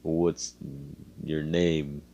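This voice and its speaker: A man's voice: rumbling low, level tone, extremely slow, dark tone, lo-fi sound, full character voice. A man voicing a polite male doctor asking questions, within a casual fan story retelling.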